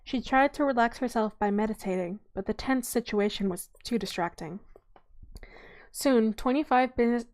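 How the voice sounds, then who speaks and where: A woman's voice: on the high side, a little mellow. A young adult woman reading a novel aloud in an informal way, often stumbling and correcting herself.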